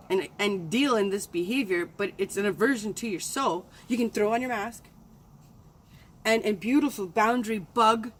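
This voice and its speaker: A woman's voice: fairly high pitch, a bit bright. A woman giving casual coaching talk to viewers, chatty and playful. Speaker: self-help vlogger.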